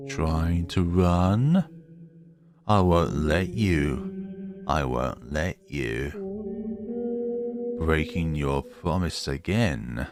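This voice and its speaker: A man voicing a vengeful female spirit in a horror game, speaking slowly and menacingly. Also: music in the background, exaggerated voice. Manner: slow, low, menacing.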